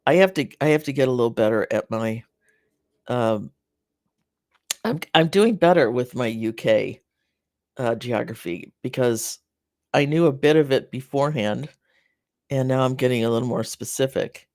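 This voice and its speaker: This North American live garden chat host speaks casually, rambling and halting through viewer comments with many fillers and restarts, and sounds sympathetic toward the viewers. The voice has a medium pitch and a darkish tone, and the studio sound is clean with no echo.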